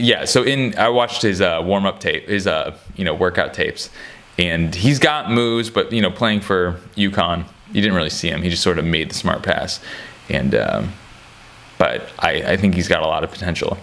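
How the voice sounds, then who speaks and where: A man's voice: low voice, fairly bright tone. A man giving casual, rambling basketball commentary, joking and restarting often, with many fillers. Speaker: sports commentator. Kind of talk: casual chat.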